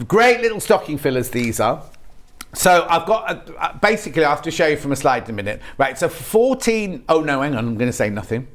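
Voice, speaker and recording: A British man presenting products on a live shopping channel in a TV studio, chatty and rambling, with frequent restarts. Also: on the high side.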